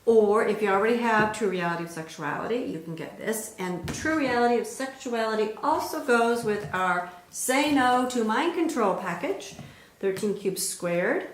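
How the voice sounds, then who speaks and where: Co-host: woman, mid-pitched, plain promotional delivery, echoey room with faint noise. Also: expressive, moderate pace. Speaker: co-host and author. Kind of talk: casual chat and book promotion.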